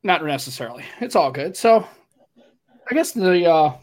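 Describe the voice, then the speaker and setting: A man's voice: a little high, sing-song, moderate pace, noisy background. A middle-aged man hosting a podcast from his home office over a video call, chatting casually in a rambling, teasing way. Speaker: podcast host. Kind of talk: casual chat. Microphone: webcam video call.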